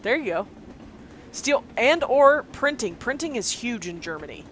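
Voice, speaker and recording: A woman chatting casually as a player in a tabletop game, laughing often and breaking into quick asides. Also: a little high, big pitch swings, slight background noise.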